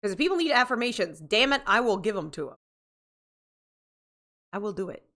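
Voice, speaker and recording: A woman's voice: medium pitch, big pitch swings, brisk, fairly bright tone. A woman streaming a game, chatting casually with her viewers, rambling and interrupting herself, sleepy and yawning. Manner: rambling, self-interrupting, chatty with chat readers, laughs often. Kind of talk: casual livestream chat.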